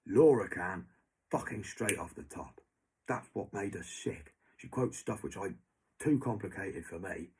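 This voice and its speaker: A man's voice: deep voice, measured pace, a little mellow, breathy edge. A young man, ranting angrily to someone who is not there. He swears heavily and keeps repeating that person's name. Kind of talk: angry monologue to an absent person.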